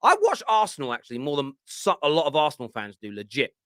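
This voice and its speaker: A man's voice: fairly high pitch, quick pace, no echo, clean studio sound. Blunt London man hosting a fan show. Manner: animated, blunt banter. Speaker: host of a football fan show. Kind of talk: live chat show rant.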